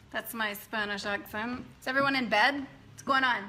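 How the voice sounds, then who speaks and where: Bright-voiced woman chatting live. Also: on the high side, slight background noise. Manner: chatty, greets viewers by name, loose restarts. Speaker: business coach hosting a live video. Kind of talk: casual live-stream chat to followers. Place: dim room at night.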